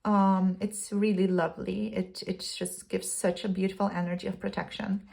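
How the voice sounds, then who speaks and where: A woman giving a tarot reading, calmly reading from a card booklet in a soothing spiritual way. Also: mid-range voice, normal speed, gravelly. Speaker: tarot reader.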